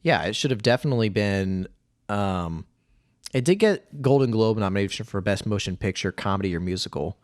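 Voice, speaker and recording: A man's voice: fairly low pitch, expressive, a little fast, no room sound, studio quality. A man co-hosting a casual film podcast, adding facts about awards and filmmaking in an easygoing way. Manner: easygoing, agreeable, adds side facts. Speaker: podcast co-host.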